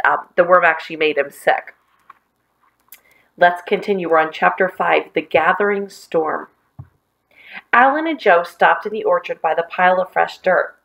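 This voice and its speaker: A woman's voice: on the low side, unhurried, vocal fry, lo-fi sound. Woman, storybook reading, playful character voices, friendly asides. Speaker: children's book reader. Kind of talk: reading a children's novel aloud.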